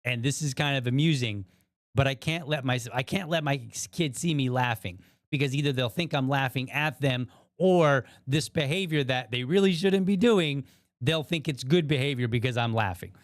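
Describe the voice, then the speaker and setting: A man's voice: medium pitch, moderate pace, no echo, clean studio sound. A man hosting a show, chatting casually about a video and thinking aloud with frequent asides to viewers. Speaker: podcast host. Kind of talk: casual commentary on a viral video.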